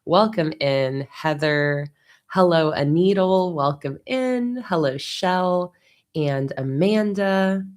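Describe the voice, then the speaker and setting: Woman host, low voice, upbeat chatty livestream greetings at her desk. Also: animated, slow, darkish tone, clear, resonant tone. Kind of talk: casual livestream chat.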